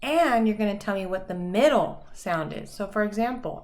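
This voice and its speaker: A woman teacher leading a phonics lesson for young children, saying each word slowly and clearly and praising the listeners. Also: mid-range voice, a little mellow. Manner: slow, clearly enunciated words with pauses; encouraging, praising.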